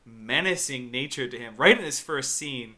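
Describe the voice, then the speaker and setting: A man's voice: medium pitch, animated, moderate pace, pushed and bright. A man co-hosting a casual movie review podcast, recapping scenes with wry, profane exasperation. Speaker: podcast co-host.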